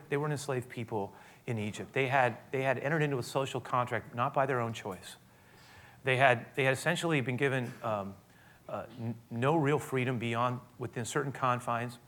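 Bright-voiced man preaching. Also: medium pitch. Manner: conversational, with frequent restarts and asides to the congregation. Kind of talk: sermon.

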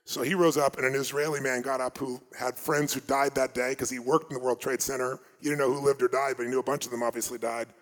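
A man giving a live motivational seminar, telling stories with emphatic delivery that swings between loud and hushed. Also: mid-range voice, level tone, fast, hardly any pauses. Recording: long hall reverb.

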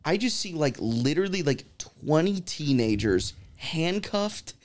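A man's voice: a little high, unhurried. A young man in casual podcast chat, telling stories and acting out the people in them. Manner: animated storyteller acting out quoted voices.

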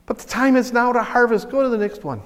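A man preaching a sermon as pastor, animated and excitable, often stumbling and restarting as he speaks. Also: extremely high pitch, fast, big-room sound. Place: church sanctuary.

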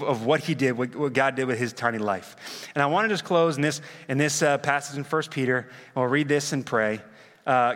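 Bright-voiced pastor preaching in a hall. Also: male voice, medium pitch. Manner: earnest and casual, with frequent fillers and slang. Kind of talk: sermon. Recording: reverberant hall.

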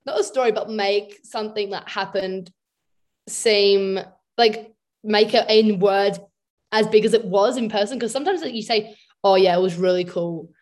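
A woman's voice: mid-range voice, steady tone, moderate pace. Hesitant young woman from Australia. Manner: hesitant, laughs often, uses fillers like "like". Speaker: podcast guest. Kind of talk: casual conversation.

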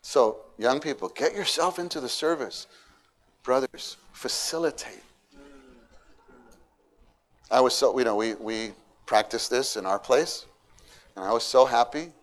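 A man giving a sermon, animated, swinging between quiet asides and loud, emphatic lines, and acting out quoted people. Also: medium pitch, measured pace, pauses often. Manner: acts out quoted people in raised voices. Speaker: church speaker.

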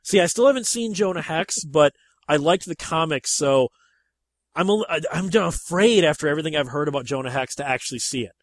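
Guy hosting a movie chat, kinda high voice, dry close sound, gets worked up making his point. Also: a little fast, dry recording. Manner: animated and emphatic, with sharp rises in pitch when making a point.

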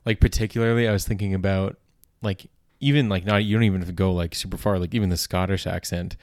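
A man's voice: low voice, steady tone, quick pace, no room sound, clean studio sound. A man hosting a comedy podcast, rambling through a monologue full of filler words and restarts. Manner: rambling, heavy on filler words and self-corrections. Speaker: podcast host.

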